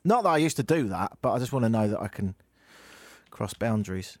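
A middle-aged radio host in casual talk, dry and self-mocking, with a rambling delivery. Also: male voice, lowish voice, lively intonation, fairly quick, dry recording. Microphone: studio mic.

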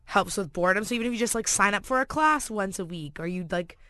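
A woman's voice: medium pitch, expressive, bright, forceful tone, no room sound. A woman talking on a radio show as a regular guest, easygoing and chatty. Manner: easygoing, quick to laugh, chatty. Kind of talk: casual radio chat. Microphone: studio mic.

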